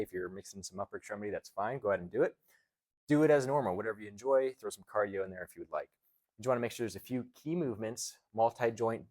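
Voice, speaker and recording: A man's voice: fairly low pitch, a little mellow. A man, a chiropractor and trainer, explaining strength exercises as he demonstrates them and counts through the holds.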